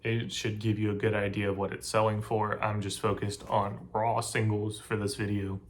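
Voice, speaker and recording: A man's voice: on the low side, flat delivery, normal speed. A man hosting his own channel, giving casual step-by-step advice straight to camera. He talks chattily, repeats himself and keeps checking in with the listener. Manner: chatty, repeats himself, frequent "right?" asides. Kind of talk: casual how-to talk to camera.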